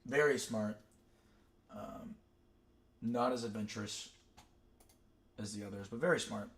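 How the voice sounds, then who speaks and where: A man's voice: fairly low pitch, a little slow, fairly bright tone. A young man chatting casually on a stream, telling rambling stories full of fillers and side tracks. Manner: rambling, digressive storytelling with many fillers. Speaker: streamer ranking cartoon characters. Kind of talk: casual chat.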